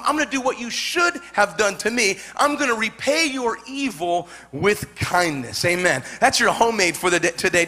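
A man preaching a sermon, telling a personal story in an animated way, repeating words and calling for amens. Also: sits high. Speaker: pastor.

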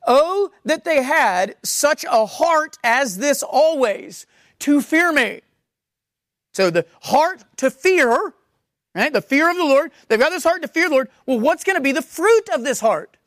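A woman preaching a sermon, reading scripture slowly and repeating key words for emphasis. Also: high-pitched, lively intonation, no room sound, studio quality.

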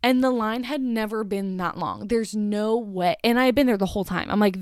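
A woman's voice: medium pitch, normal speed, few pauses, darkish tone, clear, resonant tone, dry recording, studio quality. A young woman telling an exasperated storytime rant about her cashier job, swearing and filling with "like" constantly. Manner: exasperated, swears, lots of "like" fillers.

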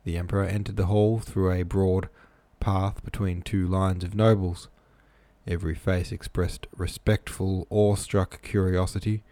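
Deep-voiced man reading a novel aloud. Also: flat delivery, moderate pace, warm tone, dry recording. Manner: plain reading with casual asides. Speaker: reader.

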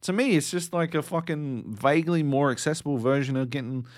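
A man's voice: fairly high pitch, a little fast, few pauses, no room sound, clean studio sound. A man co-hosting a podcast, ranting sardonically and swearing constantly in casual chat. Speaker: podcast co-host.

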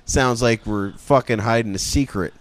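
A man's voice: mid-range voice, normal speed, dry recording. A man as a podcast guest, swearing freely and joking at his own expense. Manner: profane, self-mocking, defensive. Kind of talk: casual podcast banter.

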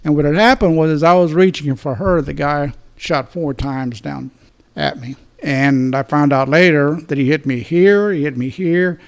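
Older man, 70s, from Texas, retired cop storyteller, gravelly tone, slightly high voice, blunt and halting. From Dallas, Texas. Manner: plain-spoken, profane, restarts and repeats words. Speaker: retired police detective. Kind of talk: storytelling in an interview.

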